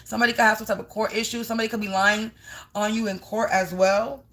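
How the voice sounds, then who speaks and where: Streaming live on camera, a spiritual energy reader gives a blunt, heavily profane reading, addressing her viewers directly as "Collective" and rambling through long lists of words. She talks fast at a medium pitch with fairly even intonation and a fairly bright tone.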